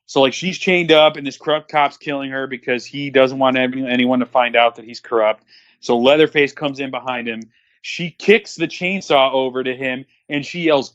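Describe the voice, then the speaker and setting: A man of middle pitch co-hosts a casual movie commentary, blunt and profane, wandering through his thoughts with plenty of "uh" and "like." The sound is dry and slightly dull, as if picked up close by a modest mic. His delivery is loose and unscripted. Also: normal speed, fairly bright tone, dry recording. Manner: blunt, profane, rambling with fillers. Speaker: podcast co-host. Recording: dull, muffled recording.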